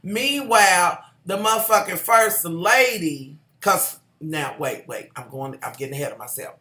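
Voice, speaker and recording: A vlogger recapping a TV episode in a sassy, profane, animated rant. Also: mid-range voice. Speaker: TV show reviewer. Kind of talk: casual ranting recap. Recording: echoey room.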